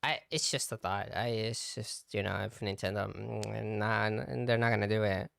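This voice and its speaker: Young male VTuber, casual solo podcast, smooth voice, dry close sound. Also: fairly low pitch, steady tone, normal speed, fairly bright tone, no echo. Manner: rambling, lots of fillers and likes.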